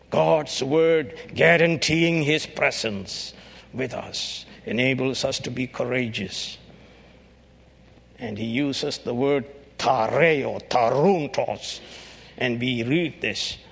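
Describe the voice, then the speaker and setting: A man preaching a sermon, emphatic and rising to shouts on key phrases. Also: medium pitch, vocal fry, slightly rough.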